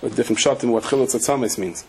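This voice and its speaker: A man's voice: mid-range voice, fast, darkish tone, a little hiss or hum, low-quality recording. A man, a rabbi, giving a sermon-style Torah class, weaving humorous stories into the teaching and acting out the people he quotes. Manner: humorous storytelling, acts out quoted voices.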